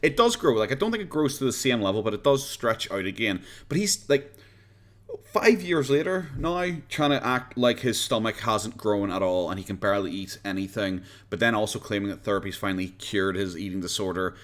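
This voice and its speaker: Here the Irish streamer speaks a little fast in a fairly low, expressive voice. Broadcasting a relaxed reaction stream from home near his pets, he chats loosely, laughs frequently and swears offhandedly into a desk-mounted USB condenser mic.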